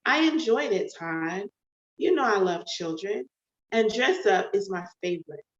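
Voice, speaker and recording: A friendly, playful young woman who loves children, as a woman reads her aloud. She speaks slowly and easily. The recording is echoey and a little muffled. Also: medium pitch, expressive, close to an everyday voice. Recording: echoey, dull home recording.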